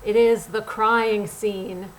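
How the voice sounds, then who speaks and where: A middle-aged woman, a casting director and acting coach, giving acting tips straight to camera in a blunt, animated, conversational way. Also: mid-range voice, takes it slowly, a little hiss or hum, poor audio. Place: Los Angeles.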